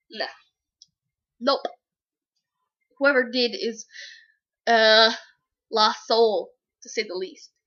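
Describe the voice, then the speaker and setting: A woman's voice: a little high, a bit bright, muffled recording. A young woman giving a casual book review vlog, gushing, giggly and rambling.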